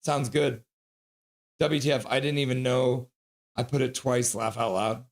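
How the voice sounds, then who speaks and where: A man's voice: medium pitch, steady tone, unhurried. A man hosting a live sports stream, casually reading out chat messages and donations while signing off. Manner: chatty, reads chat and donations aloud. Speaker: streamer host.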